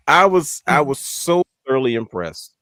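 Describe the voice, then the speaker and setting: A man co-hosting a wrestling podcast, telling stories in a lively way and acting out his own reactions. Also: a little high, dry recording, clean studio sound. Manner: animated storyteller, acts out his own thoughts. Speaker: podcast co-host. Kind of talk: casual wrestling chat.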